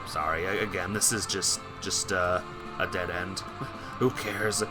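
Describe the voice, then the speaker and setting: A man's voice: low voice, a little slow, music in the background. A man reading a visual novel aloud and commenting on it in offhand, muttered asides. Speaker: gamer.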